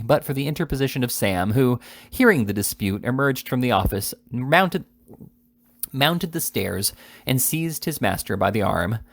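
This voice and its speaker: A man reading a classic novel aloud in a steady voice, with small slips and restarts. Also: mid-range voice, no echo. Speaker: reader.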